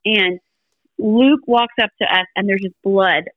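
A woman's voice: medium pitch, measured pace, no room sound, highs cut off. A middle-aged woman, a podcast guest, telling family stories in a casual chat and acting out the voices of the people in them. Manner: animated storyteller acting out family dialogue.

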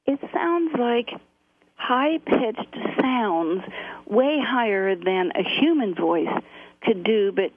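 A woman's voice: fairly high pitch, expressive, takes it slowly, breathy edge. A middle-aged woman guest telling her story earnestly, with frequent fillers. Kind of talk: interview on a phone line. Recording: tinny phone line.

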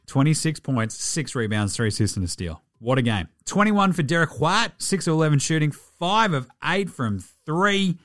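A young Australian man hosting a casual basketball podcast, rattling off stats with lively, self-mocking banter and the odd swear. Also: a little high. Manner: animated, swearing, self-mocking, quick stat rundowns. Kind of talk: casual game recap.

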